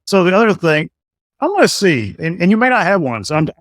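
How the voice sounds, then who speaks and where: A man's voice: high voice, very animated, a little fast, dry recording, clean studio sound. A man hosting a podcast, asking questions in casual chat with teasing jokes. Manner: joking, teasing, wry asides. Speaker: podcast host.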